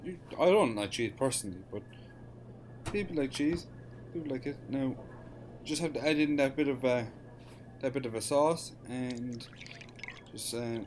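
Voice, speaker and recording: A man's voice: medium pitch, a little mellow, slight background noise. An Irish man giving casual, jokey gameplay commentary with mock-bossy banter. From Ireland. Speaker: gaming YouTuber.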